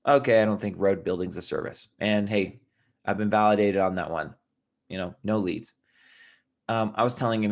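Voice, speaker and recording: A man telling a story to his viewers in a casual, rambling way, sounding tired, often restarting and dropping into a quiet mutter. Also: on the low side, normal speed. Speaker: vlogger.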